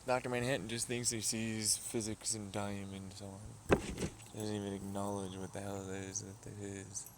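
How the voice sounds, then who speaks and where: A man's voice: lowish voice, flat delivery, moderate pace, background noise. A man rambling profanely to himself, talking back to imagined voices in a casual vlog. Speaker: vlogger.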